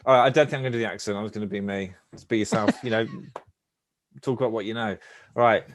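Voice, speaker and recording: A man's voice: fairly low pitch, fairly even intonation, fast talker, a little hiss or hum. A man chatting as a regular on a comedy podcast, self-deprecating and laughing easily. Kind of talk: casual comedy podcast chat.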